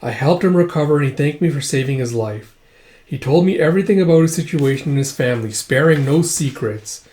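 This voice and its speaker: A man voicing a scarred, sinister villain who speaks slowly and theatrically in a dramatic comic reading. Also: on the high side, lively intonation, darkish tone, natural voice. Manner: slow, theatrical and self-satisfied. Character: scarred, sinister male villain, calm and mocking.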